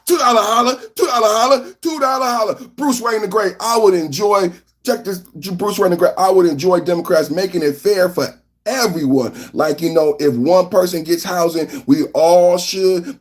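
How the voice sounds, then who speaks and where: A man from San Francisco hosting a live political podcast, talking loudly and animatedly as he reads out the chat. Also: sits high. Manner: loud and animated, reading chat aloud. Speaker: podcast host. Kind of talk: live-stream political commentary.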